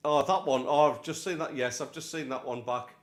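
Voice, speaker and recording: Blunt male co-commentator, mid-pitched. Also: steady tone, a little fast. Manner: blunt and matter-of-fact. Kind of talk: casual match chat.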